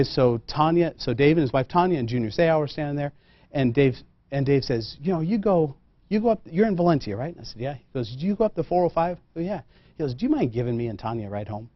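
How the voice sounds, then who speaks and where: A man's voice: medium pitch, no room sound. A man tells an anecdote to a room of listeners. He acts out the dialogue and jokes at his own expense. The sound is dry and a little muffled. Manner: animated anecdotal, acts out quoted dialogue, self-deprecating. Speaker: custom tailor and guest speaker. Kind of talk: storytelling talk to a room.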